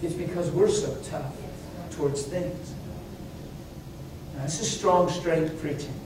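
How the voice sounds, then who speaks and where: A man preaching a sermon, telling personal stories in an animated way, moving from hushed asides to high exclamations. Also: slow pace, noisy background. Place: church meeting hall. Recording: very echoey hall, voice from far off.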